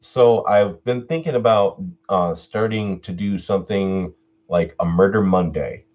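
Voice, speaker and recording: A man hosting his own live stream Q&A, telling a personal story in a laid-back way, swearing freely and getting animated when he retells what people said. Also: low-pitched, unhurried, lo-fi sound. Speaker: channel host doing a live stream Q&A.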